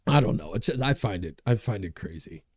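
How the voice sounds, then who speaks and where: A man's voice: on the low side, animated, brisk, darkish tone, breathy edge. A man hosting a talk show, delivering a monologue, getting worked up, laughing at himself and reading out viewer comments. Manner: reads viewer comments aloud. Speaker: host.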